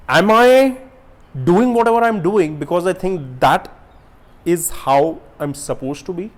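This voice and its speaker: A young man giving a casual motivational talk to camera, asking rhetorical questions and swinging from loud bursts to quiet asides. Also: high-pitched. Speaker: self-help YouTuber.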